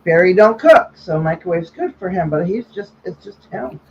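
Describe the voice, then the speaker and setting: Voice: medium pitch, lively intonation, normal speed, gravelly. A blunt, teasing co-host reads trivia questions over a video call. The line sounds dull and a little muffled, with a faint hiss of noise behind the voice. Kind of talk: casual chat.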